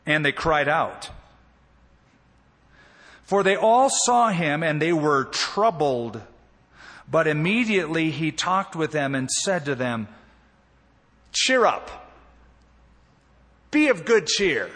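Husky-voiced male pastor in a reverberant church. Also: on the high side, slow, long pauses. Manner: animated storytelling, with swings between emphasis and quiet asides. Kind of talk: sermon. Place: church sanctuary.

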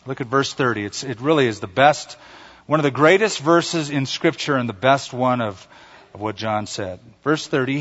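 A man's voice: medium pitch, moderate pace. Preaching man in a reverberant hall. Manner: animated preaching, acts out quotes and calls for congregation response. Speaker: pastor. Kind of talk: sermon. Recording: dull sound with long hall reverb.

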